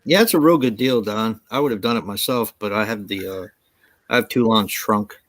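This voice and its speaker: A man's voice: on the low side, moderate pace, fairly bright tone, no echo. A man chatting on a live show, teasing his friends and laughing often. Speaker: podcast co-host. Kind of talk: casual chat.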